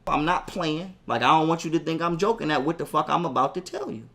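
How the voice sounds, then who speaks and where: A young man telling a heated story in a profane, animated way and acting out what people said. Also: a little high, quick pace, creaky. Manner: profane, animated, acts out quotes. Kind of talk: casual ranting story.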